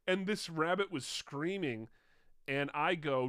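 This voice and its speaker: A man's voice: fairly high pitch, normal speed, a bit bright, smooth, dry recording, studio quality. A young man co-hosting a podcast, chatting casually with loose swearing and frequent laughter. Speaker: podcast co-host. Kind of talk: casual chat.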